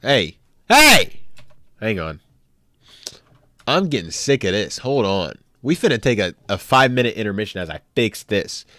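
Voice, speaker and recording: A young man streaming live, chatting casually with his viewers in an animated, joking way as he ranks characters on a tier list. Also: lowish voice, brisk, hardly any pauses, dry recording, clean studio sound. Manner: animated, jokey, talks back to chat.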